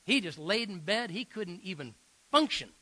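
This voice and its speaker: A middle-aged male pastor preaching with a high, bright voice. His delivery is earnest and emphatic, with fillers and restarts, and the sound is close and dry. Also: animated, moderate pace, no room sound, poor audio. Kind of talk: sermon storytelling.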